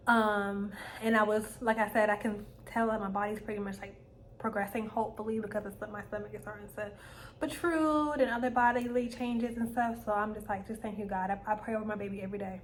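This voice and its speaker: A young woman from the United States chatting in a casual sit-down vlog at home, animated and emotional, with plenty of "like" and "y'all.". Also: a little high, moderate pace, slight background noise. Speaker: vlogger.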